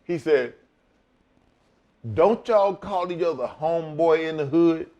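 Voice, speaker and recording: A man's voice: a little high, takes it slowly, lo-fi sound. A man, a former wrestler, telling a profane backstage story as a guest in a casual chat, acting out both sides of the conversation. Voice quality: profane, animated retelling.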